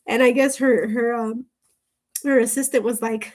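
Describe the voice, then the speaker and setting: A woman's voice: a little high, steady tone, moderate pace. A woman giving a casual tarot reading to camera, rambling off into tangents and laughing often between remarks. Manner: chatty, drifts into tangents. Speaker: tarot reader.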